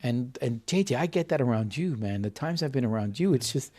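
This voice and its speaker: A man's voice: medium pitch, animated, a little fast, darkish tone. A man in his fifties, a podcast guest, telling a story in an earnest, heartfelt way with frequent restarts and repeated words. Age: 50s. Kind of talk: conversational interview storytelling.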